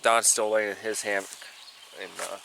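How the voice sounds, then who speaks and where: A man's voice: on the low side, little pitch movement, moderate pace, gravelly, pushed and bright, a little hiss or hum. A man casually narrating a hiking vlog at an outdoor campsite, rambling with many fillers. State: stuffed up from allergies. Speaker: vlogger.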